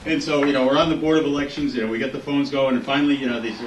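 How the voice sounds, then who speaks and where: A middle-aged man and political candidate giving a speech at a fundraiser, a relaxed, joking storyteller. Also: mid-range voice, racing, hardly any pauses, slight background noise. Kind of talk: speech with humorous anecdotes. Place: event hall at a fundraiser. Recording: echoey hall heard from a distance.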